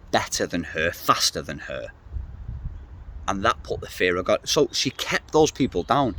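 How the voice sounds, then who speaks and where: A man's voice: medium pitch, a little hiss or hum. A middle-aged man ranting to camera in a casual vlog, blunt, swearing freely and rambling. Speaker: vlogger.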